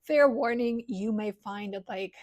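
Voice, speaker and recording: A woman's voice: on the high side, a little slow, darkish tone, no room sound. A woman enthusiastically recommending books in a casual, rambling vlog, gushing about what she loves. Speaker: book reviewer.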